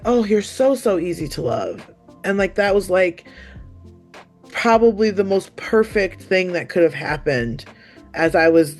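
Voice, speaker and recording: Woman near tears giving a testimonial, lots of likes and you knows, faint music behind. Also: low-pitched. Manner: halting and earnest, full of "like" and "you know". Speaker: retreat participant giving a testimonial. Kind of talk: reflective personal testimonial.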